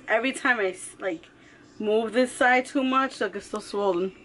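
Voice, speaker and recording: A woman's voice: on the high side, normal speed, fairly bright tone, slight background noise. Woman vlogging through ear pain. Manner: talks with her mouth barely open because her ear hurts. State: in pain with a swollen ear and sore throat. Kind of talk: casual home vlog. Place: home kitchen.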